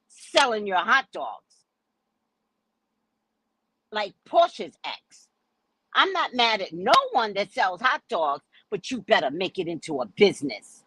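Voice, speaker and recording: A woman's voice: medium pitch, sing-song, takes it slowly, pauses often, fairly bright tone, husky, no room sound, low-quality recording. A woman hosting a casual commentary show, talking in a sassy, emphatic, lecturing way. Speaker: host.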